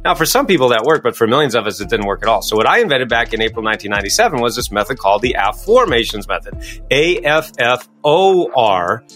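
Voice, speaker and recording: A middle-aged man speaks fast, in a bright and forceful voice. He answers interview questions with emphatic energy, with faint music underneath. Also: mid-range voice, very animated. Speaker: podcast guest, coach.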